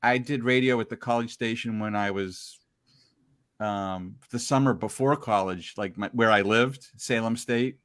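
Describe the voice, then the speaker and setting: A man's voice: lowish voice, unhurried, no room sound, clean studio sound. A middle-aged man, telling radio stories in a casual chat and acting out the voices in them. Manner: animated storyteller, acts out quoted voices.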